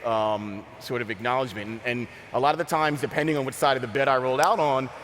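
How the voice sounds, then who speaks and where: A man's voice: mid-range voice, fairly bright tone. A man on a conference panel speaks in a candid, wry way, leaning on "you know" as he goes. His voice sits in the middle range. The hall adds a long reverb and a faint background hiss.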